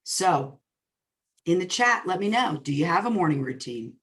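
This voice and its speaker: A woman with a New Jersey accent, a real estate coach presenting a webinar in a fast, excited, upbeat way. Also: on the low side. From New Jersey, US Northeast.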